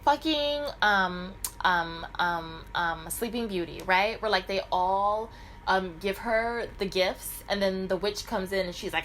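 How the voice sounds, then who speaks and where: A woman's voice: medium pitch, measured pace, fairly bright tone, slight background noise, rough recording. A middle-aged woman telling a rambling, profanity-heavy personal story in a casual vlog. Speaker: vlogger.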